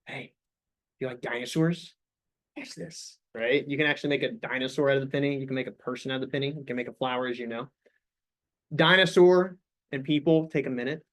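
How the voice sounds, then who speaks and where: A man's voice: medium pitch, steady tone, fast talker, a bit bright. Upbeat young man coaching a sales team. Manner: coaching, upbeat, asks the group questions. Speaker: sales meeting leader. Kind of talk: leading a staff meeting.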